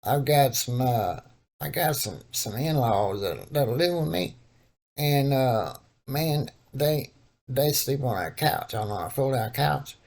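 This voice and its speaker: A man putting on the voice of a folksy older man with a Texan accent, calling to ask about a couch, halting and rambling. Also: medium pitch, animated, gravelly, a little mellow, voice pushed up, heavily acted. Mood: pleading.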